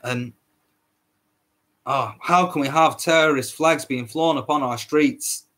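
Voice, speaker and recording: Hosting a solo podcast, a man with a slightly high, somewhat bright voice rants slowly, heated and repetitive. He swears often and stumbles over his words.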